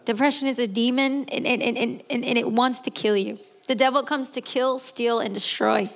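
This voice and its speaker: A woman in her late thirties giving a candid, earnest personal testimony, with restarts and quick laughs. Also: on the high side, steady tone, creaky. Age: 30s. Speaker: guest speaker. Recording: echoey hall.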